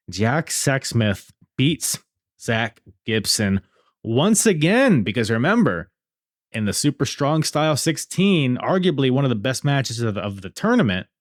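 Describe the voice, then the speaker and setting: A man's voice: mid-range voice, no room sound, studio quality. A man hosting a podcast, reviewing wrestling shows in a casual, rambling way with many fillers. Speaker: podcast host.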